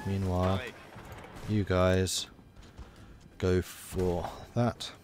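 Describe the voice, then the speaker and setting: A man's voice: deep voice, little pitch movement, drawn-out words, background noise. A man giving casual, wry commentary while playing a strategy game and chatting to his units. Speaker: let's play commentator.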